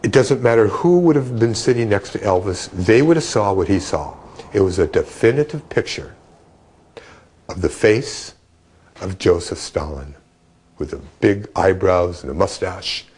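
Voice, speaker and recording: A man in an interview, recounting a memory with vivid, animated storytelling. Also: deep voice, unhurried, husky.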